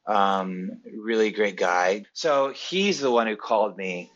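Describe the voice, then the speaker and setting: A man's voice: lowish voice, slow pace, fairly bright tone, muffled recording, a little hiss or hum. A man who works as an assistant director, telling stories eagerly and animatedly as a guest in a casual interview.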